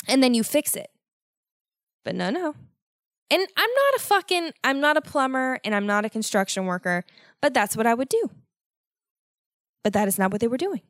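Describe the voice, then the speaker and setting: A young woman hosting a solo podcast, telling a story in an animated, exasperated way with constant swearing. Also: sits high, no room sound, studio quality. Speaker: podcast host.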